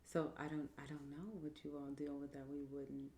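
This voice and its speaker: A woman guest on a podcast in casual chat, relaxed and thoughtful, sometimes trailing off mid-thought. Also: sits low, brisk, echoey room.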